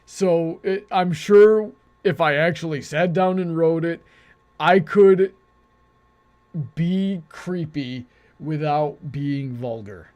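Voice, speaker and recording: A man's voice: a little high, takes it slowly, darkish tone. A man hosting a casual debate, talking earnestly and restarting his sentences often. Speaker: debate show host.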